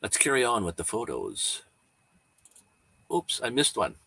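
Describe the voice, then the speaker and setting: Hosting a relaxed livestream with no echo, a man drifts easily from one thought to the next, chuckling often. His slightly low voice has a husky, rough edge, and he sounds unhurried and chatty, as if talking to regulars.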